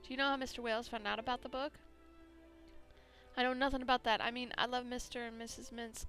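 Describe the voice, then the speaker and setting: A woman's voice: a little high, little pitch movement, fast, a bit bright, soft background music. A woman voicing a timid half-orc maid who speaks in broken sentences. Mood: nervous. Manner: broken grammar.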